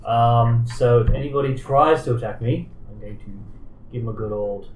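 A man's voice: mid-range voice, moderate pace, roomy sound, far from the mic, slight background noise, low-quality recording. A man playing in a tabletop game, casually declaring what his character does. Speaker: player.

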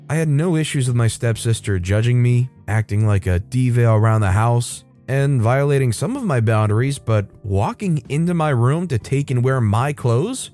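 A man narrating a reddit revenge story in a steady, matter-of-fact reading voice. He sits at a middle pitch, neither high nor low. Quiet music runs faintly behind him.

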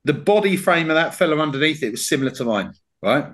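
Man, podcast host, casual storytelling, sweary, very lively pitch. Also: fast. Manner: sweary, animated, laughs while telling stories.

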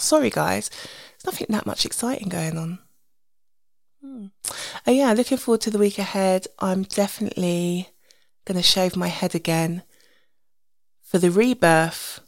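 A woman in her thirties hosting a podcast, rambling casually with restarts and soft asides. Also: mid-range voice, gravelly, no echo, studio quality. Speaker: podcast host. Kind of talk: casual solo podcast monologue.

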